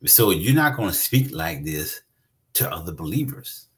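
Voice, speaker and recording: Deep voiced guy preaching, talks right to the people, keeps repeating himself for emphasis. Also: big pitch swings, normal speed. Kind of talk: sermon.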